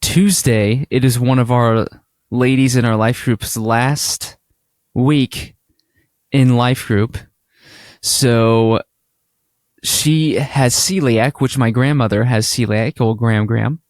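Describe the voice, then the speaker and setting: A man co-hosting a casual podcast tells stories in a chatty, animated way, slipping into little acted-out quoted exchanges. His medium-pitched voice sits in a middle register and he speaks slowly. The sound is close and dry, with no echo or room around it.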